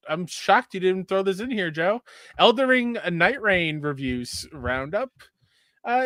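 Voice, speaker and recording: A man's voice: sits high, fairly bright tone, no room sound, clean studio sound. A young adult man co-hosting a gaming podcast, joking and reading out news in casual chat. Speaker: podcast co-host.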